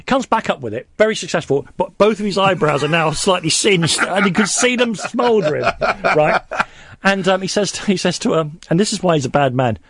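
A man's voice: high voice, lively intonation, a little fast, a bit bright, slightly rough, no room sound. A man on a late-night radio show in the studio as a guest, telling rambling anecdotes with many restarts.

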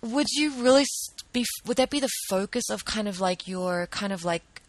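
A woman's voice: mid-range voice, expressive, moderate pace, no echo, poor audio. A woman advocate speaking earnestly and urgently about justice, often restarting her sentences. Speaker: vegan advocate. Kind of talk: impassioned talk to camera.

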